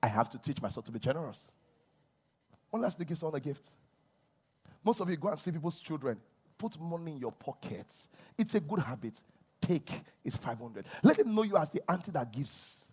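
A man preaching a sermon as a pastor, swinging between loud emphasis and quiet asides. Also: a little high, big pitch swings, fairly quick, breathy edge.

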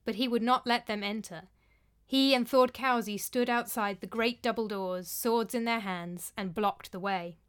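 A woman reading a story aloud in a measured, even narrating voice. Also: fairly high pitch, clean tone. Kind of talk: audiobook narration.

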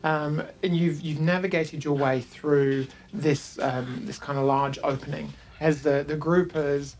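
Gravelly guy running a tabletop game, halting, lots of ums, faint hiss behind. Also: fairly high pitch, steady tone. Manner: halting, lots of fillers and restarts. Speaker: game master.

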